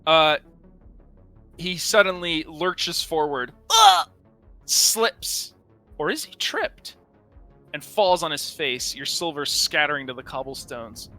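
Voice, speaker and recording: A man's voice: a little high, very animated, slow pace, pushed and bright, faint music behind. A man running a tabletop game as game master, narrating casually with frequent swearing and hesitations.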